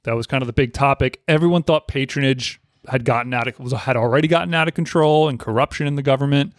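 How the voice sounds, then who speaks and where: A man's voice: medium pitch, fast, no echo, clean studio sound. A man co-hosting a casual history podcast who reads from notes and laughs between points. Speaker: podcast co-host.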